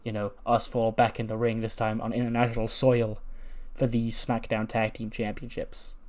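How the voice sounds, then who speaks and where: A man's voice: fairly low pitch, completely flat delivery, normal speed, darkish tone, lightly acted. Brief: man doing a wrestler questioning his partner, earnest and stammering. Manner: stammering accusations. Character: hurt, suspicious male wrestler, earnest.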